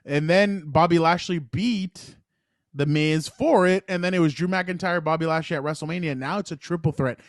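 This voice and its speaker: A man co-hosting a sports podcast, his voice sitting a bit high for a man. He rambles with excitement and jumps between thoughts. The sound is dry and close, with no room around it. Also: normal speed, no echo. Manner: excited, rambling, retells matches with quoted voices. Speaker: podcast co-host. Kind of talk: casual sports chat.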